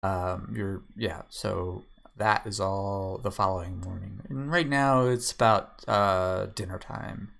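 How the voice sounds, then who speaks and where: A man narrating a tabletop game as game master, speaking haltingly with many fillers. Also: deep voice, fairly even intonation, vocal fry, fairly bright tone.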